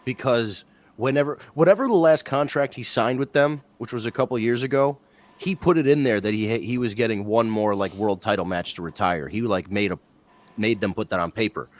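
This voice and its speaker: A man co-hosting a casual live talk stream, rambling and animated, often restarting his sentences. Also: fairly low pitch, a little fast. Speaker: wrestling podcast co-host.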